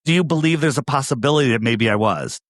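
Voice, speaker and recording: A man with a New York accent talks in a casual interview, insistent and repetitive, peppering his points with rhetorical questions. His voice sits at an ordinary pitch. The sound is dry and close. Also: fast talker, no echo. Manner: emphatic, repeats phrases, asks rhetorical questions. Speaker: podcast guest.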